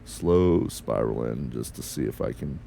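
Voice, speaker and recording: A man's voice: very deep voice, animated, unhurried, mellow, a little hiss or hum. A man streaming a space game, talking to himself and his chat in a mixed American accent that is neither northern nor southern, muttering and swearing as he flies. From United States. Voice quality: gravelly. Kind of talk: casual gameplay commentary.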